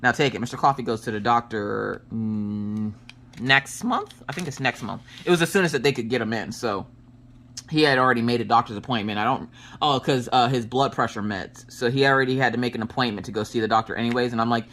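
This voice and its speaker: A woman in her thirties chatting casually while she works on a craft project, telling family stories in an animated way. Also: rumbling low, a little fast. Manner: animated storyteller, acts out family quotes. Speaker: crafting vlogger. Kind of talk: casual chat while diamond painting.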